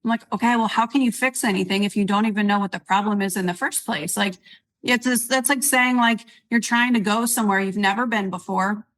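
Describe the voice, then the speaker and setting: A woman's voice: medium pitch, a little fast, a bit bright, poor audio. A woman co-hosting a podcast, chatting casually and leaning on analogies. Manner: chatty, uses analogies, frequent agreement. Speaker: podcast co-host.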